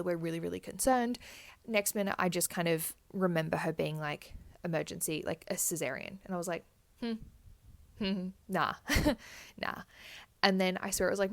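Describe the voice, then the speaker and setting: A woman's voice: lowish voice, gravelly. A young woman telling her birth story in candid, chatty style, swearing freely. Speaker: vlogger. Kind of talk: casual birth story chat.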